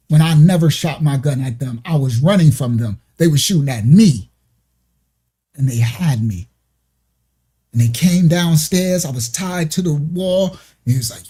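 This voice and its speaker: Man in his 50s, kinda high husky voice, mellow, rambles and backtracks as he tells it. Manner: emotional, rambling, restarts dates and details. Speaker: ministry show host. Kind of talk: casual personal storytelling.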